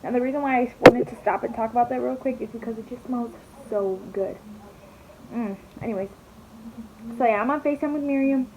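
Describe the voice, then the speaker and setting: A woman's voice: a little high, brisk. A young woman vlogger telling a story in a chatty, dramatic way, swearing and saying "like" a lot while she does her makeup. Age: young adult. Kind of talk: casual storytelling vlog. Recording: slightly dull recording, faint hiss.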